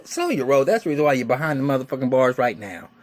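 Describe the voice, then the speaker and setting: Forty-something guy ranting through an episode recap, cussing nonstop, normal pitch. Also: quick pace. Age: 40s. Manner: excitable, heavily cursing, acts out characters' lines. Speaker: TV episode reviewer. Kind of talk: casual profane episode recap.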